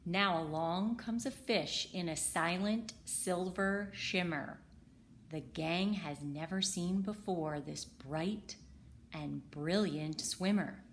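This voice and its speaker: A woman reading a children's picture book aloud in a slow, rhythmic way. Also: fairly low pitch, slight background noise. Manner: slow, rhythmic rhyming delivery. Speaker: storybook reader.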